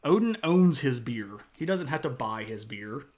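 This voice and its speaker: Guy on a live stream chatting with chat, slow and easygoing, voice bounces up and down a lot, teasing himself. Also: mid-range voice, expressive, a little mellow. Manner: playful and self-mocking. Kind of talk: casual chat reading viewer comments.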